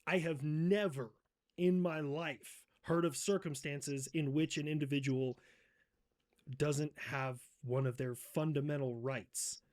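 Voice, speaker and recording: A man with a slightly raised pitch, hosting a satirical comedy role-play. He jabs at the others with profane mockery and sudden shouted outbursts. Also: fairly even intonation, slow. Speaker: host.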